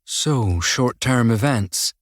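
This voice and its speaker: A man voicing a quiet male officer on a stakeout in an audiobook, speaking hushed and matter-of-fact. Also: mid-range voice, animated, takes it slowly, no echo. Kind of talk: audiobook character voice.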